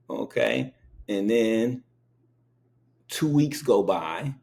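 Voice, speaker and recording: A man's voice: mid-range voice, slow pace, creaky, darkish tone. A man hosting an interview in casual chat, telling stories animatedly and acting out the quotes. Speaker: interview host.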